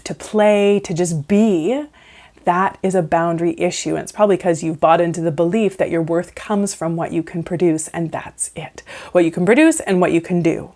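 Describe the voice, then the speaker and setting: A woman counsellor giving casual advice in a conversational way, often checking in with "right?". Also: fairly low pitch. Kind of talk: casual advice talk to camera.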